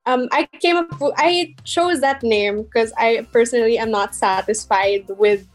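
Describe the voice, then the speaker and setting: A woman's voice: on the high side, measured pace, faint music behind. A young woman who runs a small crochet shop, chatting casually in an interview, laughing often and filling with "like" and "um.". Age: young adult. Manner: giggly, chatty, many fillers. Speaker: guest, crochet shop owner.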